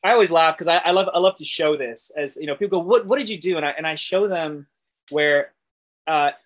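A man being interviewed, telling work stories in a lively, laughing way and acting out what others said. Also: a little high, brisk. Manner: animated, acts out quoted voices, laughs often. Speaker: guest animator. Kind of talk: casual interview storytelling.

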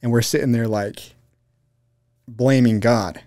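A man with a dark, mellow voice who talks in a casual, storytelling way. He keeps slipping into quick acted-out quotes as he speaks. The recording is close and dry. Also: no room sound. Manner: animated storyteller, jumps into high mimicking voices. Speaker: podcast co-host. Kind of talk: casual spiritual chat.

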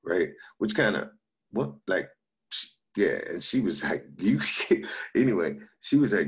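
The speaker is a middle-aged comedian with a low, expressive voice, talking at normal speed. As a guest, he tells stories casually, laughing while voicing the characters he quotes.

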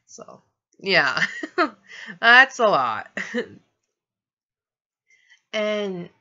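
A woman's voice: medium pitch, pushed and bright, highs cut off. A young adult woman vlogging, telling a personal story in a rambling, casual way and laughing through it.

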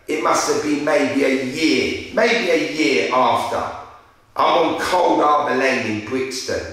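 Echoey, bright-voiced London man telling a story. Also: on the high side. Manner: slang-heavy, animated street storytelling. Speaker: interviewer. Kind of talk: casual storytelling. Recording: very echoey room, far from mic.

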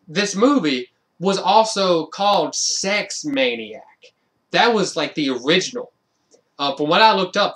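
A man's voice: fairly high pitch, a bit bright. A man giving a casual, rambling film review, with lots of fillers and restarts and frequent amused laughs.

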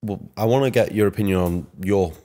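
A man hosts a podcast in an easygoing way, steering his guest with brief remarks and questions. His voice sits very low for a man. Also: fairly quick, mellow. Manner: laid-back, brief prompts and questions. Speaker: podcast host. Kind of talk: casual podcast interview.

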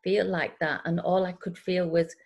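A woman's voice: lowish voice, flat delivery, moderate pace, vocal fry. A woman telling a rambling personal story in a casual group video call. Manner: rambling storyteller who acts out quoted voices. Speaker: group member sharing a story. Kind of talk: casual chat.

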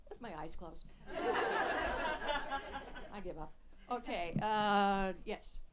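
This is an older woman with a voice of ordinary pitch for a woman. She hosts a live advice show, and her answers are blunt and dryly funny. She tells her stories with plenty of energy. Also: normal speed. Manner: blunt, wry, lively storyteller. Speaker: radio advice host. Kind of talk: live show talk with an audience. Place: radio studio with live audience.

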